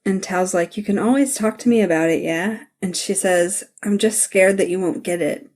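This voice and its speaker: A woman's voice: medium pitch, moderate pace, darkish tone. A woman hosts a casual podcast chat in a mid-range voice. She recaps scenes in a bubbly, chatty way, laughing often as she goes. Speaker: podcast host.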